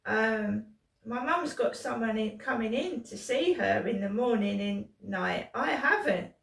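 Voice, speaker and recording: A middle-aged British woman in pain rambles through a profane vlog monologue full of restarts. Her voice is gravelly, slightly high, and slow. She sits away from the mic in an echoey room. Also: animated, a bit bright, distant mic. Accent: British English. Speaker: vlogger.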